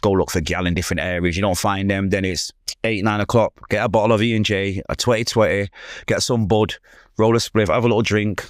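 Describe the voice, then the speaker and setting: A man with a Manchester accent, a guest telling stories in an interview, animated and acting out other people's voices. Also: lowish voice, fairly quick, no echo, clean studio sound. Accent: Manchester English. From England. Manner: animated, acts out quoted voices. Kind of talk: storytelling interview.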